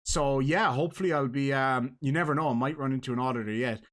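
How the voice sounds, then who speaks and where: An Irish man hosting a casual livestream, chatting and reading out donations with quick laughs. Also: mid-range voice, fairly bright tone. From Ireland. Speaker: host.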